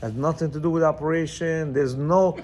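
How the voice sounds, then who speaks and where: A man's voice: fairly high pitch, a little fast, a little hiss or hum. Emphatic man teaching a men's class. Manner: repetitive, keeps asking "you understand?"; emphatic, lively, acts out quotes. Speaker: marriage teacher for men. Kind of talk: informal lecture to a class.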